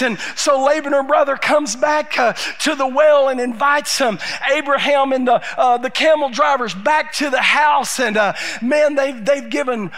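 A male pastor with a drawl tells a Bible story to his congregation. His voice sits unusually high and sounds sharp and forceful. He jumps between speaking and shouting and leans on many "uh"s along the way. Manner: animated, shouting in bursts, many fillers. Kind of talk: storytelling sermon.

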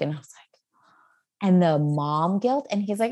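A woman's voice: fairly low pitch, fairly quick, dark tone. A woman in her thirties, a guest in a casual interview, talking in an upbeat, chatty way full of fillers and laughter. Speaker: guest, social media creator.

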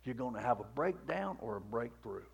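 A male pastor preaching a sermon in a repetitive cadence, rising to shouts and dropping to near-whispers. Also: mid-range voice, expressive, moderate pace, vocal fry, husky.

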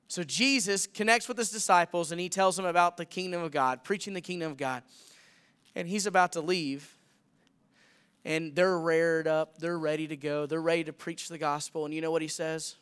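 A man's voice: sits high, a little fast, fairly bright tone, smooth. A young adult man preaching a sermon as a guest speaker, earnest and building to emphatic repeated calls.

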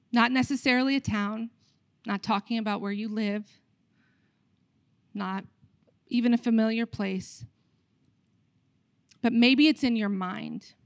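A woman pastor preaching a sermon, telling the story with animated acted-out voices of the people. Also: fairly high pitch, dry recording.

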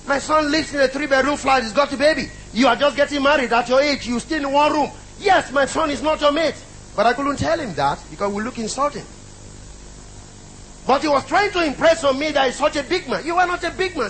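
A man's voice: very high voice, fairly bright tone, slight background noise, poor audio. A middle-aged man preaching a sermon, emphatic and repetitive, calling out to the congregation.

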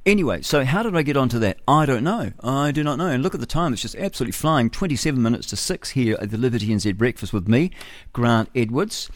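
A man's voice: medium pitch, animated, quick pace, no room sound. A middle-aged man with a New Zealand accent hosting a breakfast radio show, rambling and opinionated, laughing at his own jokes. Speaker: radio host. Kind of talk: rambling talk-radio monologue. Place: radio studio.

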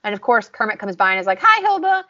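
A woman's voice: mid-range voice, steady tone, rapid-fire, bright, forceful tone. A young woman from the American South with a Southern accent, co-hosting a podcast in casual chat and recapping scenes with lots of "like". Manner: chatty, recaps scenes with quoted lines and frequent "like". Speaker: podcast co-host. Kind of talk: casual chat reviewing episodes. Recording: slightly dull lo-fi podcast audio.

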